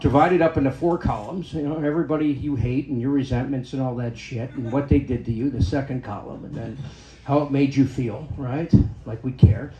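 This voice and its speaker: A man's voice: mid-range voice, steady tone, fairly quick, mellow, a little hiss or hum. Crude man in his fifties doing stand-up. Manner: crude, self-deprecating, tags lines with "right?". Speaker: stand-up comedian. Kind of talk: stand-up comedy set. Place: comedy club stage. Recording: echoey comedy club room.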